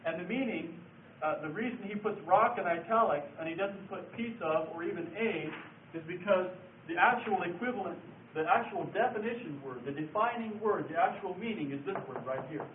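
A man's voice: high-pitched, brisk. A man teaching a Bible study class, explaining things patiently and repeating key words as he writes on a board. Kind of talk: classroom lecture with board writing. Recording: echoey room from far off, phone-like lo-fi sound, faint hiss.

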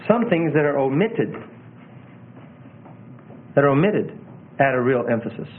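A man's voice: fairly high pitch, a little hiss or hum. Earnest man teaching preachers, tinny sound. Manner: earnest, demonstrates emphasis and pauses with his own voice. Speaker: preaching instructor.

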